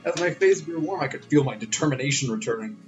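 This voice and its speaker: A man's voice: a little high, fast talker, highs cut off. A man giving jokey, crude live commentary while streaming a video game. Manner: jokey, crude, animated reactions. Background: game music.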